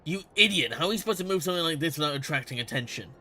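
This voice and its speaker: A man's voice: mid-range voice, steady tone, moderate pace, a bit bright, soft background music, natural voice. A man voicing an irritable, stern male bandit boss in a game, scolding his men. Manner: snapping, scolding.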